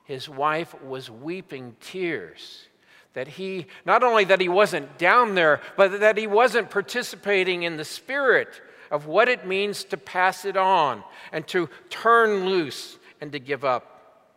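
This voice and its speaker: Older man, pastor preaching, bright high voice, echoing church hall. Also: expressive, takes it slowly. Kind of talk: sermon. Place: large church sanctuary. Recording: long hall reverb.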